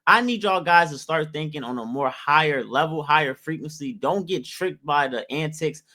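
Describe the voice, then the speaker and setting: Man, opinion vlogger, preachy and emphatic, voice a touch high. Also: normal speed, pushed and bright. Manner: emphatic, preachy, rhetorical questions to viewers. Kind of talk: opinionated commentary to camera.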